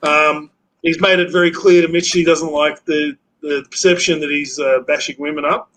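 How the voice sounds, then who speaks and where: A blunt man hosting a casual stream chat. His voice sits a little high, and he swears freely, stopping and restarting his sentences. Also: steady tone, moderate pace, fairly bright tone, rough recording.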